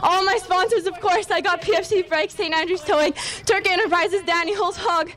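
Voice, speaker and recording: A teenage girl race driver, tearful and breathless with excitement after a win. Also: very high voice, normal speed. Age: teens. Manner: breathless, excited, laughing through tears. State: tearful, emotional.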